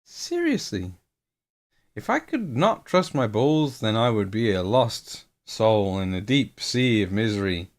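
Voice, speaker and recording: His lowish voice swings widely in pitch, delivered at a measured pace. A man in his late thirties, he paints miniatures on a live stream, chatting loosely, joking around, and laughing at himself.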